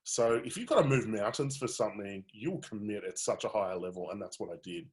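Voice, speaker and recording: A man, a coach telling his personal story in a webinar, candid and animated, with many fillers. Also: on the low side, brisk.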